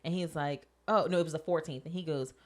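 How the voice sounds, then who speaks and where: Young woman on a podcast, kinda low voice, telling stories and doing everyone's lines. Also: quick pace. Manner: storytelling with animated quoted voices. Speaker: podcast co-host. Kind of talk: casual chat.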